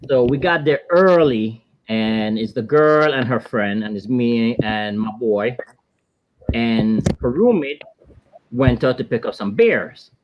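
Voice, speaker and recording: A man in his thirties from the Virgin Islands with a Caribbean accent, telling a laid-back, animated story as a guest on a casual panel. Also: mid-range voice, takes it slowly, highs cut off, a little hiss or hum.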